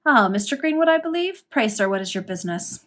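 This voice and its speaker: A woman's voice: on the high side, big pitch swings, fast talker. Woman reading as a stiff Victorian merchant, cold, dry, clipped, storybook reading. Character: cold, curt male merchant and capitalist.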